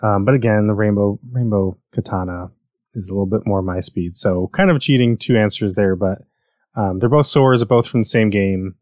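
A man's voice: fairly low pitch, normal speed, darkish tone, no room sound, studio quality. An American man chatting casually about video games, rambling and correcting himself as he goes. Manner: rambling, self-correcting, enthusiastic.

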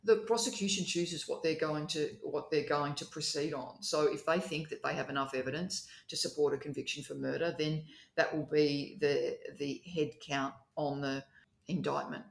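A speaker with an Australian accent, explaining legal process in a measured way as a guest in a casual discussion. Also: medium pitch, fairly even intonation, creaky. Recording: roomy echo.

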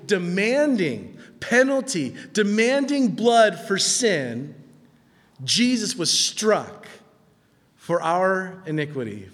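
Animated male preacher in a reverberant hall. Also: fairly high pitch. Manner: conversational, animated preaching with acted-out quotes. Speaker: pastor. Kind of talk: sermon.

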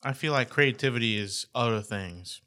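A man's voice: medium pitch, moderate pace, sharp tone. A playful man in casual podcast banter who laughs easily. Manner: playful, laughs often, tries silly voices.

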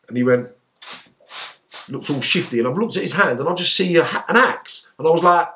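A man's voice: fairly high pitch, a little fast, gravelly. Swearing man telling wild stories. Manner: animated storyteller, shouting out quoted outbursts, heavy swearing. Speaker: interview guest, former gangster. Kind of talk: casual storytelling interview.

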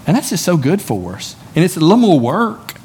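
A man preaching to his church congregation in a relaxed, conversational way, telling everyday stories and acting out the lines of the people in them. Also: on the high side, a little fast, a little hiss or hum. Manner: conversational, folksy storytelling with acted-out dialogue. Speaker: pastor. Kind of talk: sermon. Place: church sanctuary.

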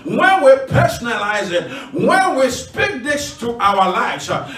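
A man's voice: very high-pitched, big pitch swings, measured pace, a bit bright. A man preaching a sermon to a congregation, talking emphatically with many filler sounds and leading call-and-response. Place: church. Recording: echoey room, from far off.

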